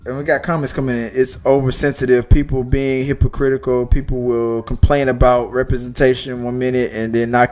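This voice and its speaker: A man's voice: mid-range voice, level tone, a little fast, few pauses, darkish tone. A man co-hosting a casual live-stream movie talk show, making his points with emphatic rhetorical questions. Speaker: podcast co-host.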